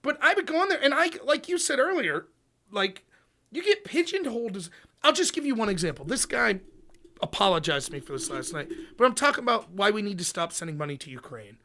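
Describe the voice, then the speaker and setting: A man with a high, bright voice that swings all over the place as he rants with lots of swearing. He is hosting a loose political chat show, and he talks in a quick, heated run. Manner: animated, profane, ranting. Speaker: podcast host.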